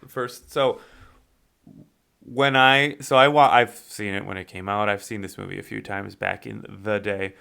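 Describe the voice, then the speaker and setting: A man's voice: fairly low pitch, steady tone, measured pace, creaky, pushed and bright, clear, resonant tone. A man co-hosting a podcast in casual movie talk, rambling with many fillers and restarts as he asks questions. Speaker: podcast co-host.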